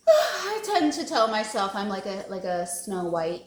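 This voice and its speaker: A woman's voice: medium pitch, very animated, measured pace. Woman vlogger, heartfelt and rambling, echoey room. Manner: emotional, rambling, laughs often. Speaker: wellness vlogger. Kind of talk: casual confessional vlog.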